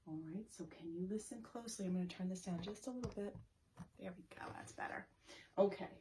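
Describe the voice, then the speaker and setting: A woman librarian with a fairly low-pitched voice hosts story time for young kids, reading aloud and rhyming in an animated sing-song manner while asking the children questions.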